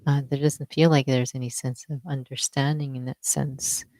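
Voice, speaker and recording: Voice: medium pitch, flat delivery, moderate pace, dark tone, dry recording. An interviewer asking thoughtful questions in a conversation about spiritual teaching, working each question out aloud.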